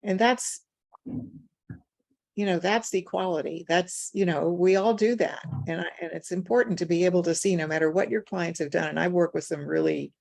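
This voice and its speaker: Gravelly older woman telling a story. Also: on the low side, moderate pace, a little mellow. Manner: conversational, retells dialogue, chuckles while talking. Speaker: guest speaker. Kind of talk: storytelling anecdote.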